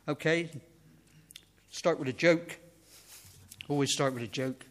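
A man's voice: fairly high pitch, a little slow, pauses often. A man leading a casual, self-deprecating sermon, often trailing off and picking his thought back up. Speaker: preacher. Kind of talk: informal sermon.

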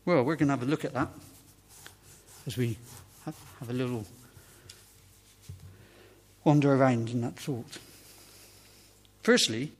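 A man's voice: medium pitch, measured pace, long pauses, slightly rough. A man leading a casual, self-deprecating sermon, often trailing off and picking his thought back up. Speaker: preacher. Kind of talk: informal sermon.

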